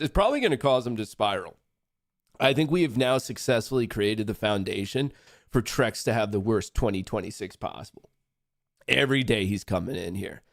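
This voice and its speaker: A young adult man hosting a live trading stream, talking to chat in a profane, excitable, trash-talking way. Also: on the low side, dry recording, studio quality. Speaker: livestream trading host.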